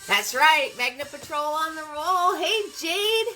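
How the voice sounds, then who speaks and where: A woman's voice: sits high, animated, a little slow, bright, forceful tone, soft background music, low-quality recording. A woman hosting a live-streamed painting class, upbeat and greeting viewers by name as they join.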